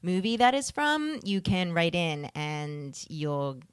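A woman co-hosts a podcast in relaxed, playful conversation and jokes freely. Her voice sits on the lower side, and the recording is dry and close. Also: takes it slowly, smooth, no echo. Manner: playful and joking, with repeated words. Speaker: podcast co-host. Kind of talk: casual chat.

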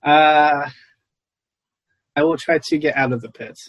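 Man, tabletop player, husky voice, dry sound, easygoing. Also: a little high, fairly even intonation, measured pace, dry recording, dull audio. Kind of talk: playing a tabletop game.

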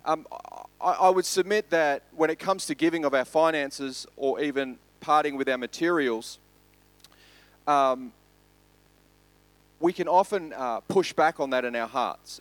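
An Australian man, a pastor, giving a sermon in a relaxed storytelling way. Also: fairly high pitch, measured pace, dry recording, low-quality recording. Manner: conversational storytelling preacher.

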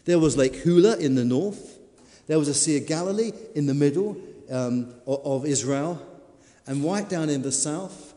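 A man's voice: a little high, expressive, normal speed, dark tone. A man preaching a sermon, telling a story with dramatic, shifting emphasis. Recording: long hall reverb.

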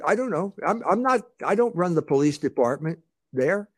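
A man's voice: on the high side, animated, normal speed, slightly rough, dry recording. A man being interviewed, arguing his case with rhetorical questions and frequent restarts. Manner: rhetorical questions, repeats words when starting sentences. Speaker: guest. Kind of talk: argumentative interview talk.

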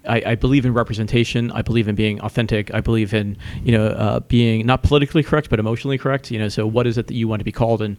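A man co-hosting a casual chat, talking haltingly, repeating words and laughing easily. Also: on the low side, steady tone, darkish tone. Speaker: podcast co-host.

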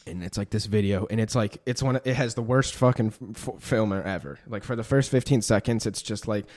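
A man's voice: on the low side, a little fast, a little mellow. A man in his twenties tells a story in a loose, rambling podcast chat. His speech is profane and crammed with filler words. He is a guest talking to the host. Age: 20s. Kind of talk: casual storytelling.

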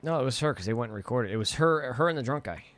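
A man's voice: medium pitch, animated, very fast, a bit bright, dry recording. A young man in casual chat, laid back, adding film trivia and short agreements.

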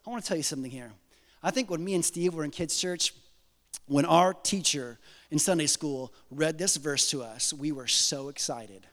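Animated high-voiced pastor preaching in a hall. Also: male voice, moderate pace. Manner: animated, acts out prayers in different voices, joking asides. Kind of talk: sermon.

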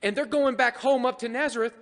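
High-voiced joking preacher in a hall. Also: male voice, a little fast, fairly bright tone. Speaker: pastor. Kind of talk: sermon. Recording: long hall reverb.

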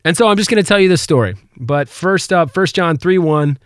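A man's voice: on the high side, brisk, clear, resonant tone, dry recording, studio quality. A man hosting a podcast, telling a personal devotional story in an earnest, conversational way. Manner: earnest, conversational, animated when retelling. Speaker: podcast host.

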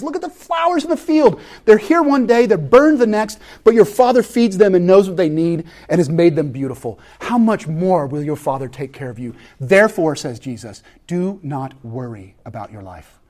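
A man preaching a sermon, swinging between joking, conversational asides and hushed, intense passages. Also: a little high. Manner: animated preaching with sudden loud peaks and hushed drops. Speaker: pastor.

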